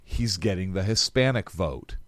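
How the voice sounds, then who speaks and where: A man's voice: deep voice, lively intonation, moderate pace, a bit bright, no room sound. A man co-hosting a casual political talk show, blunt and profane in his opinions. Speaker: podcast co-host.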